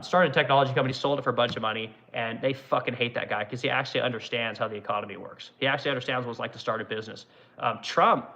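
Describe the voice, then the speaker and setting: A middle-aged man hosts a livestream and rants with blunt, profane anger. His voice is gravelly and bright. The lo-fi recording dulls the sound. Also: medium pitch, a little hiss or hum. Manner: angry, profane, repetitive "right?". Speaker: woodworking livestream host. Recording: dull lo-fi sound.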